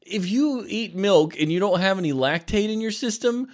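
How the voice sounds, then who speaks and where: Man, podcast co-host, casual and goofy, pitch jumps around a lot. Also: moderate pace. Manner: goofy, excitable, laughs easily. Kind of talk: casual chat.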